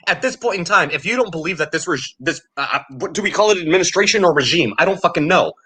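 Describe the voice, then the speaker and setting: A man's voice: a little high, expressive, fast, pushed and bright, breathy edge. A man ranting angrily and sarcastically about politics, swearing constantly. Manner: angry, profane, sarcastic ranting. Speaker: podcast co-host.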